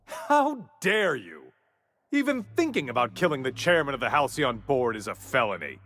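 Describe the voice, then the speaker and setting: A man's voice: fairly low pitch, very animated, moderate pace, fairly bright tone. An actor voicing a haughty, ruthless male corporate executive villain in a video game, speaking with contempt and menace. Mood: indignant.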